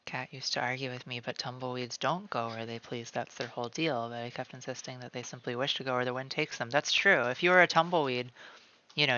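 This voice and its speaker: Gravelly, bright-voiced man chatting on stream. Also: medium pitch, dull audio. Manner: calls himself by name in the third person; rambling, many "like" fillers. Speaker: streamer drawing live. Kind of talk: casual chat while drawing. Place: at home, cat nearby.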